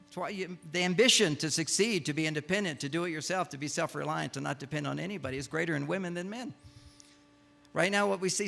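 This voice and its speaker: An older man giving a humorous lecture to a live audience, an animated storyteller who acts out the lines he quotes. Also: a little high, vocal fry. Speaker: speaker giving a talk.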